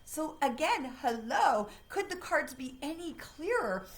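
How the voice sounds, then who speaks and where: Chatty, excitable woman psychic on a livestream. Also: sits high, measured pace, poor audio. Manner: chatty and excitable, many fillers. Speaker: psychic medium hosting a live card reading. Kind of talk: casual livestream talk. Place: home, dog nearby.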